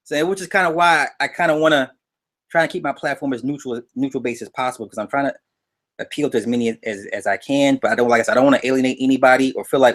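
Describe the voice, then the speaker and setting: A man guesting on a casual live-stream interview, talking in a relaxed, humble, rambling way. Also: medium pitch, fast. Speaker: guest YouTuber.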